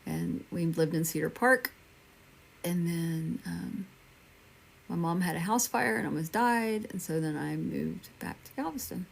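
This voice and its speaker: A woman's voice: lowish voice, a little slow, vocal fry. A woman in her fifties from Texas, hosting a casual livestream and chatting reassuringly with viewers by name. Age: 50s. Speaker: livestream medium host. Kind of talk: casual livestream chat answering viewer comments.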